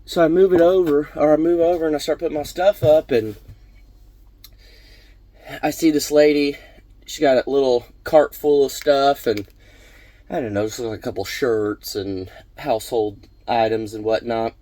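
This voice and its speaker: A man's voice: medium pitch, steady tone, normal speed, warm tone, no echo. A man casually telling a personal story on his vlog, rambling with many fillers and restarts. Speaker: vlog host.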